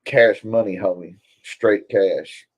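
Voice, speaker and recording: A man's voice: on the low side, takes it slowly, husky. A laid-back, opinionated man co-hosting a casual livestream chat over a call.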